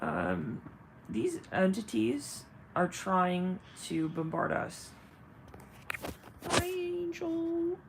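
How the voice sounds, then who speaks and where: A woman's voice: fairly low pitch, big pitch swings, slow, gravelly, background noise. A woman doing a live psychic reading, talking frankly and bluntly, laughing often and swearing at times. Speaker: psychic reader. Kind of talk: live-stream spiritual reading.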